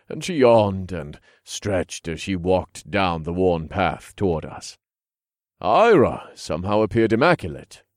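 A man narrating a first-person fantasy audiobook in a calm, even storytelling manner, close to a studio mic. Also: low-pitched, no room sound.

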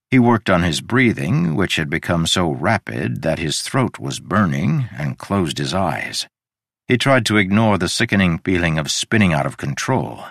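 A man narrating a fantasy audiobook in an expressive, varied storytelling delivery on a close studio mic. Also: sits low, creaky, no echo.

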